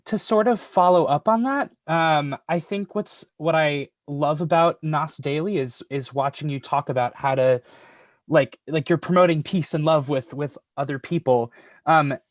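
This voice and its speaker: A man's voice: fairly high pitch, no room sound. Hesitant man asking, dry close sound. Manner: hesitant, halting phrasing. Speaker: interviewer. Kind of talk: casual video-call interview.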